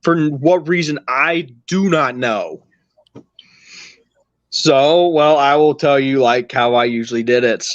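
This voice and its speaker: A man's voice: medium pitch, takes it slowly, dry recording, highs cut off. A man hosting a podcast, telling a long story in casual chat with a rambling, teasing manner. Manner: rambling, teasing, restarts a lot. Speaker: podcast host.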